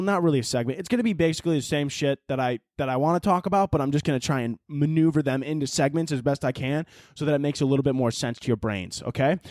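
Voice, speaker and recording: A man hosting a solo podcast, rambling and swearing through animated stories, short on sleep and wired. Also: mid-range voice, no room sound. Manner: rambling, profane, animated storytelling. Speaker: podcast host. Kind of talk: casual solo podcast monologue.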